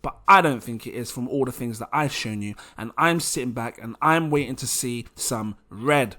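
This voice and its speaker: A young man hosting a casual crypto vlog, chatty and excitable, laughing often. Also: medium pitch, normal speed. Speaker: crypto channel host.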